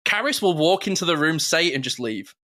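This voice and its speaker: A man co-hosting a podcast in casual chat, animated and quick to mimic catchphrases. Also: fairly high pitch. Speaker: podcast co-host.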